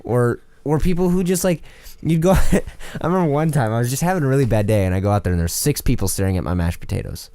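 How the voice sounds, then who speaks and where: A man co-hosting a podcast, telling animated, profane stories in casual chat. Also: lowish voice, fast talker, hardly any pauses, clear, resonant tone, no room sound. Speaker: podcast co-host.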